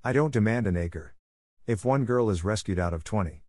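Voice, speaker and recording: A man reading the part of a calm, hopeful woman probation officer, speaking steadily and reasonably. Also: lowish voice, fairly quick, no echo, studio quality. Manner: steady, reasonable, quietly firm. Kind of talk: audiobook character reading.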